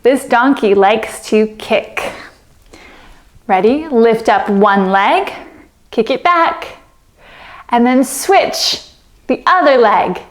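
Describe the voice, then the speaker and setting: A woman leading a children's yoga story, giving slow, soothing instructions with playful animal sounds. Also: a little high, animated. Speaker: kids yoga teacher.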